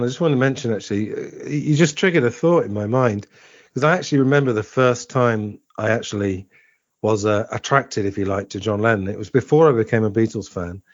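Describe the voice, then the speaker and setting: Chatty man, low voice, dry sound. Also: no echo. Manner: chatty, reminiscing, quick to laugh. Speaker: podcast host. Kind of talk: casual podcast conversation. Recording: dull, dry lo-fi audio.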